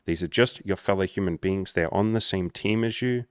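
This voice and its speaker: A young adult man giving dating and social coaching in a casual monologue, blunt and animated, swearing often. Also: sits low, moderate pace, clear, resonant tone, dry recording, clean studio sound.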